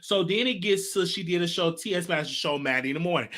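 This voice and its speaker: A young man with a Southern US accent hosts his own commentary show, his voice bright and sitting a little high. He speaks earnestly and from the heart, repeating phrases as he works through a point. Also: quick pace, hardly any pauses. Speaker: show host. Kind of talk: solo commentary vlog.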